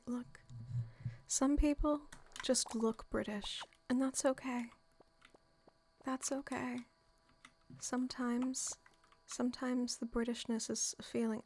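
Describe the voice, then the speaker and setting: A woman streaming a game, chatting excitedly and sometimes dropping to a soft whisper. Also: fairly high pitch, a little slow, gravelly. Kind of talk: casual live-stream commentary. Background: game music.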